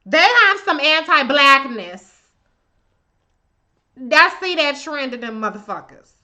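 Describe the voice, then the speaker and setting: Slow yet animated, her high voice sounds pushed and bright. She's hosting a live stream of political commentary, greeting viewers by name and unleashing a fiery rant full of swearing and open contempt.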